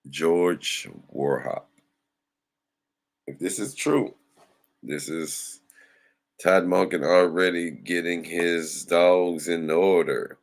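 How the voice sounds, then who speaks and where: A man hosts a casual sports talk livestream, addressing his viewers loosely as y'all. His voice sits extremely low with a rough, gravelly fry. He speaks slowly and unhurriedly. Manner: loose, chatty, talks to the audience as y'all. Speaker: sports show host.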